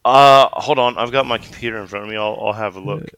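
A man's voice: fairly low pitch, fairly even intonation, quick pace, a bit bright, clear, resonant tone, no room sound, low-quality recording. A man co-hosting a podcast, joking playfully in casual chat. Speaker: podcast co-host.

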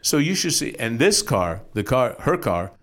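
A middle-aged man, a pastor, telling a personal testimony as an animated storyteller with quick asides. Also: medium pitch.

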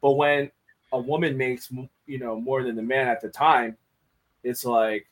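A man's mid-range voice comes through flat and a little slow in this rough recording of a casual podcast conversation. He's frank and profane, circling back to restart sentences and repeating words as he thinks.

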